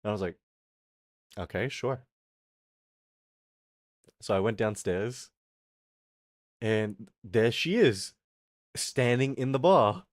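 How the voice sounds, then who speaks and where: Swearing as he goes, a young streamer rants through a rambling story, performing the voices of the others involved. He speaks in a lowish voice, unhurried and pausing often, and the studio recording is clean and dry.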